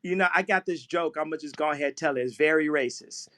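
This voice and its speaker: A man talking casually in a live online audio room, rambling through quick tangents and often breaking into laughter. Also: fairly high pitch, crowd noise. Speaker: guest speaker. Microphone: phone in an online audio chat room.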